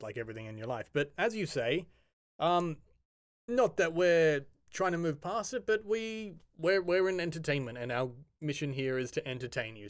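A man's voice: medium pitch, dry recording, studio quality. A man co-hosting a podcast, teasing and joking in casual banter. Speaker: podcast co-host.

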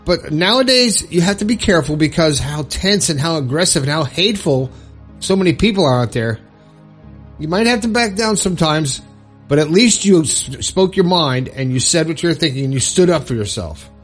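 A man's voice: a little high, lively intonation, normal speed, faint music behind. A man giving earnest motivational advice, coaching listeners step by step and checking in with them often. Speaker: self-help video host.

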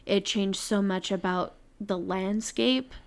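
A woman co-hosting a podcast, speaking in a thoughtful, measured way. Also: mid-range voice, fairly even intonation. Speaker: podcast co-host. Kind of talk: casual podcast chat.

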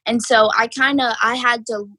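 A woman's voice: on the high side, little pitch movement, normal speed, sharp tone, slightly rough, dry recording. A teenage girl, answering interview questions in an easygoing way, full of "like" fillers. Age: teens. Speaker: guest, high school wrestler.

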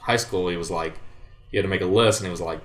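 A young man with a very low-pitched voice tells a long rambling story, slipping into quoted dialogue as he goes. The room echoes around him. It sounds like a relaxed, casual conversation. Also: quick pace, soft background music. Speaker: guest, former baseball player.

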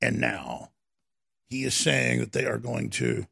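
A man hosting a talk show, ranting heatedly and shouting at times. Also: big pitch swings, measured pace. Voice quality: gravelly, husky voice. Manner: heated, shouting rants with wide pitch swings. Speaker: radio talk show host.

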